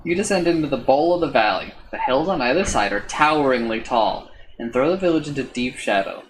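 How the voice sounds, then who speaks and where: A man's voice: medium pitch, animated, brisk, slight background noise, poor audio. A man streaming, reading a text adventure aloud with casual, swearing asides.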